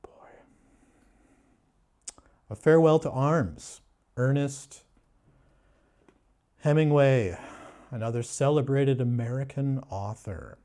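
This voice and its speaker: A man speaking slowly in a dark, mellow voice, sarcastic and mock-serious as he talks about books. His delivery stays deadpan and unhurried throughout. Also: medium pitch. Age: adult. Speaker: booktuber. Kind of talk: sarcastic book review.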